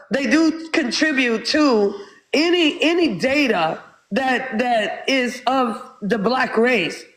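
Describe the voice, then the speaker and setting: A woman from South Texas speaking as a guest in a live online debate, halting at first and then steady and insistent. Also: fairly high pitch, low-quality recording.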